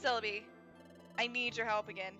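A woman's voice: fairly high pitch, fairly even intonation, fairly quick, over music, pitched below the performer's own voice, close to an everyday voice. Woman reading an earnest lizard hero.

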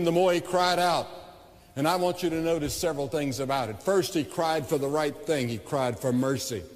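A man's voice: on the high side, a little mellow. A man with a Southern American accent preaching a crusade sermon, telling a Bible story earnestly and rising into fervent pleas. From United States. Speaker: evangelist preacher. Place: large arena with long reverb. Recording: long echo of a large hall.

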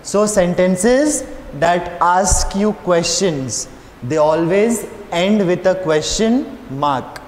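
A man's voice: high voice, animated, takes it slowly, darkish tone. A male schoolteacher, giving a patient classroom lesson in front of a board and checking if the class understands. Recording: roomy echo with long reverb, faint hiss.

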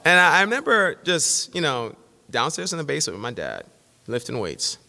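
Middle-aged male pastor, lively sermon voice, bright and forceful, long church-hall echo. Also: on the high side, brisk, vocal fry. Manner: animated storytelling, acts out quotes. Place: church sanctuary.

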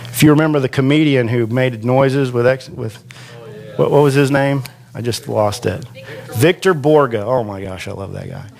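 A man preaching a sermon as pastor in a church classroom, chatty and self-deprecating, slowing down to stretch out quoted scripture for emphasis. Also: mid-range voice, creaky, a little mellow. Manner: slow, conversational preaching with self-deprecating asides.

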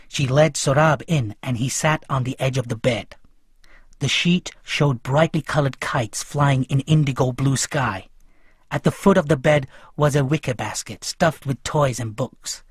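Male audiobook narrator, mid-pitched, breathy texture, restrained delivery. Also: moderate pace, dry recording, studio quality. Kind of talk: first-person audiobook reading.

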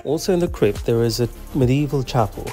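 A man's voice: mid-range voice, animated, fairly quick. A man narrating a travel video as its host, in a scripted but playful way that leans on the comic details. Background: faint background music.

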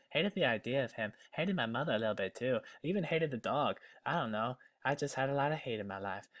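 A man's voice: on the low side, fairly bright tone, no echo, far from the mic, lightly acted. A man putting on a bitter young woman diarist. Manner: reading aloud in a put-on accent.

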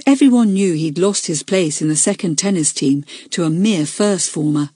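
A woman narrating a children's audiobook in a clear, measured storytelling manner. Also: on the low side, animated, mellow, no echo.

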